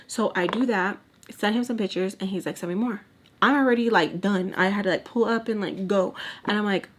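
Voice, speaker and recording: A young woman talks straight to the camera in a casual storytime. She is candid and animated, acts out what people said, and drops in Spanish words as she goes. Her voice sits at a middle pitch. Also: brisk. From Texas. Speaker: storytime vlogger. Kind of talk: casual storytime while doing makeup.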